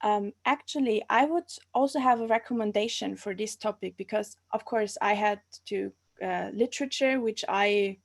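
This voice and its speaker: A woman's voice: medium pitch, normal speed, creaky, few pauses. A woman in her twenties from Austria, speaking English with an Austrian German accent as an interview guest, hesitant and often restarting as she searches for words. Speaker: guest, archaeology master's student. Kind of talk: casual interview over a live stream.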